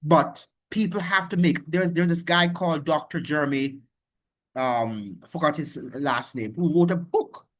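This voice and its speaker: A man's voice: on the high side, unhurried, fairly bright tone. A man giving political commentary in a lecturing way, often checking in with "okay?". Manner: lecturing, repeats "okay?" and "you know that". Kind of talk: opinion commentary.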